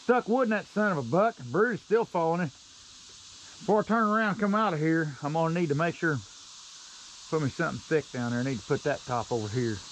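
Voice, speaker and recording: A man's voice: on the high side, fairly quick, fairly bright tone, rough recording. A middle-aged man, a logger grumbling and cussing under his breath as he talks to the camera while working on a steep wooded hillside. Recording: outdoor noise, chainsaw and insects.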